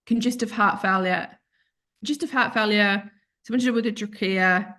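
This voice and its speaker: An Australian woman appearing as a podcast guest shares a heartfelt personal story, wandering and correcting herself as she goes and sometimes becoming tearful. Her voice is medium in pitch with a slightly bright quality.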